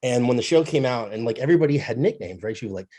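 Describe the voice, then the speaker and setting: A man's voice: medium pitch, expressive, racing, mellow. A man interviewing two guests in a casual, chatty way, laughing often and rambling.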